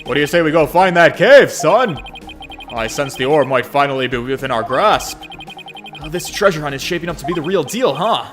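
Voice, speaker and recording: A man voicing a hearty, jovial middle-aged father who talks loudly and teases his son. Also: fairly high pitch, animated, brisk, voice pushed down, close to an everyday voice. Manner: loud, boisterous, teasing. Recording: game music playing behind. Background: game music.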